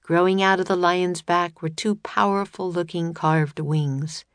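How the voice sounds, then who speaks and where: A woman reading a children's storybook aloud in steady, clear narration. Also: on the low side, measured pace, no room sound. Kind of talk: scripted audiobook narration.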